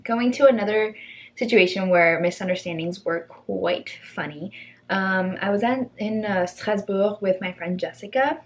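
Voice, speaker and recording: A young woman vlogging, telling funny stories in a chatty, animated way and acting out the people in them. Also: mid-range voice, measured pace. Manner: chatty, animated, acts out voices in quotes. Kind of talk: casual storytelling.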